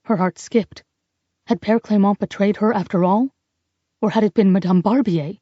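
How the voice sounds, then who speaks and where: A woman narrating a novel in a measured, even way. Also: medium pitch, dry recording, lo-fi sound. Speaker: audiobook narrator. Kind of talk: scripted narration.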